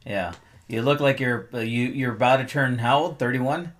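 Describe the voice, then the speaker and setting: A man's voice: mid-range voice, normal speed, a bit bright. A man guesting on a comedy podcast, needling the host in a dry, joking way. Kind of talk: casual comedic banter.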